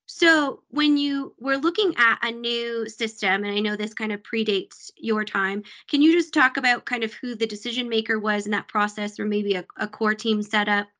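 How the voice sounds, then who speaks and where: A woman interviewer asking questions in a casual business interview, with quick upbeat affirmations. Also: on the high side, pushed and bright.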